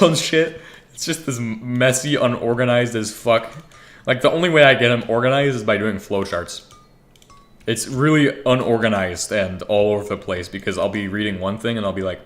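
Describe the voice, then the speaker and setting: A man's voice: lowish voice, a bit bright. A young man casually talking to himself while playing a game, rambling and swearing freely, with keyboard typing behind him. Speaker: gaming streamer. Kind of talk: casual gameplay commentary.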